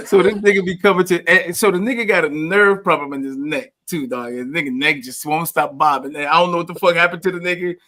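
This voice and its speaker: A man's voice: fairly high pitch, fast talker, hardly any pauses, bright, forceful tone. A man hosting a podcast, telling a funny barbershop story in casual, profane banter and laughing as he goes.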